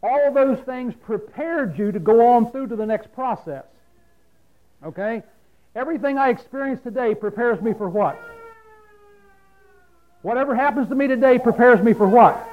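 A man's voice: very high-pitched, a little mellow. A preacher giving a folksy, conversational sermon, often asking his listeners "See?". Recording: dull lo-fi sound.

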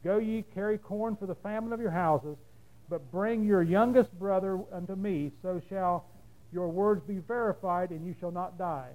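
A man's voice: high-pitched, moderate pace, darkish tone, rough recording. A man preaching, reading a long scripture passage aloud steadily and then explaining it in plain talk.

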